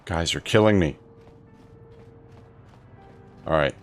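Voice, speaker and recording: A man giving relaxed, joking commentary while playing a video game. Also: very deep voice, fast. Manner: relaxed, joking asides, mumbled. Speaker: gaming channel host. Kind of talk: casual gameplay commentary. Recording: commentary over faint game music.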